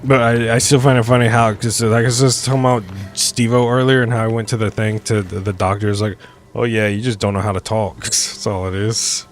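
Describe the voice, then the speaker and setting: A man's voice: medium pitch, fairly even intonation, brisk, hardly any pauses, soft background music. A young man casually commentating while playing a game, rambling, joking and interrupting himself. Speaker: streamer.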